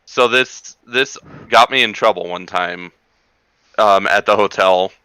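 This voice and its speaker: A man from the western US chatting casually on a podcast, telling animated stories and slipping into mock accents. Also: on the low side, measured pace, smooth, no echo, low-quality recording. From western United States. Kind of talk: casual chat.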